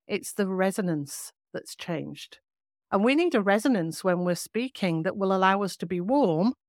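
Measured woman voice coach, close dry sound. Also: medium pitch, dry recording. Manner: clear, measured and explanatory. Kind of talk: podcast teaching.

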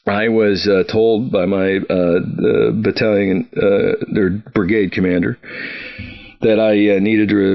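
A middle-aged man, a guest on a podcast, casually tells stories from his military career, rambling with many fillers and restarts and chuckling now and then. His voice is lowish, and the sound is lo-fi.

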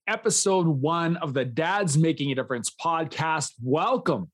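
A man's voice: on the high side, lively intonation, normal speed. A man in his thirties hosting a solo podcast, talking in an earnest, enthusiastic way, often smiling as he speaks. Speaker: podcast host.

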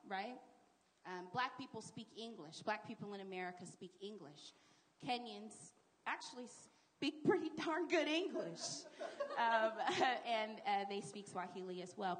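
A middle-aged woman talking as a guest on a live panel, telling a story with emphatic asides. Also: mid-range voice.

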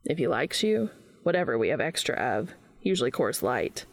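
A woman's voice: rumbling low, normal speed, gravelly, voice pushed down, exaggerated voice. A woman voicing a reserved, dry-witted male professor in a storybook reading. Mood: mischievous. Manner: dry, deadpan.

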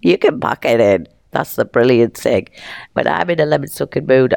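A middle-aged woman hosting a podcast, talking in an animated, playful way and laughing often. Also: extremely low pitch, moderate pace, gravelly, no room sound, clean studio sound. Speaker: podcast host and teacher. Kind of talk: casual motivational monologue.

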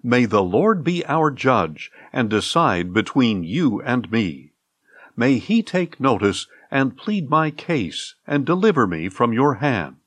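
A man's voice: mid-range voice, big pitch swings, slow, no echo. A man reading the pleading words of an earnest young man addressing a king.

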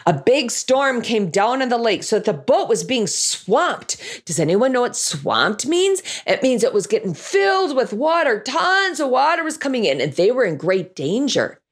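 Speaking at a moderate pace with barely a pause, a fairly high-voiced woman shares a story with listeners about the children's Bible class she teaches. She acts out the lines and sound effects in lively voices.

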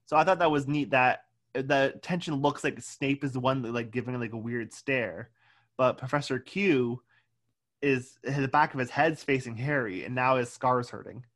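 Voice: medium pitch, normal speed, a bit bright. Talkative podcast co-host recapping scenes. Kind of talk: casual chat.

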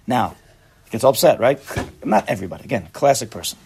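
A man's voice: medium pitch, fast, darkish tone, slightly rough. A man giving a casual, chatty Torah class, joking and mixing Hebrew and Yiddish terms into his talk.

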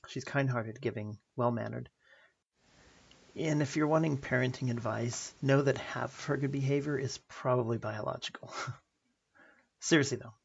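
A man's voice: medium pitch, creaky, husky, dull audio. A man in his thirties hosting a personal podcast, telling stories earnestly with light self-deprecating humor. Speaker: podcast host.

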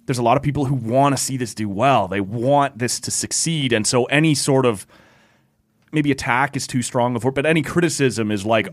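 A man's voice: mid-range voice, fairly quick, no room sound. A man hosting a podcast in a studio, chatting casually and thoughtfully with lots of hedging. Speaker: podcast host. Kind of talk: casual chat.

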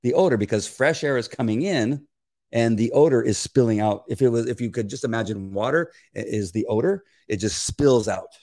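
A man's voice: medium pitch, a little fast. An older man, a regular on a talk show, explaining scent detection in casual chat and acting out conversations. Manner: animated, acts out quoted exchanges in a raised voice.

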